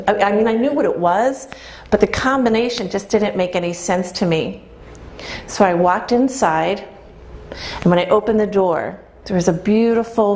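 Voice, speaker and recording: A woman's voice: mid-range voice, a little mellow. A middle-aged woman telling a personal story to a live audience, quoting herself and others and asking the listeners questions. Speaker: speaker telling her story. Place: event room with an audience.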